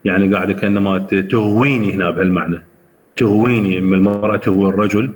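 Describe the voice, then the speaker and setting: A man's voice: sits low, steady tone, very fast. A man with an Iraqi Arabic accent giving a classroom lecture, explaining words one by one and quizzing his students. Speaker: university English lecturer. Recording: reverberant room, faint background noise.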